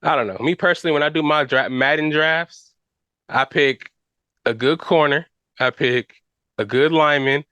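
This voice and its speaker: A man's voice: a little high, moderate pace, sharp tone, clear, resonant tone, no echo. A man hosting a podcast, talking football casually in slang with fillers and restarts. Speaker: podcast host. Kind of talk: casual sports chat.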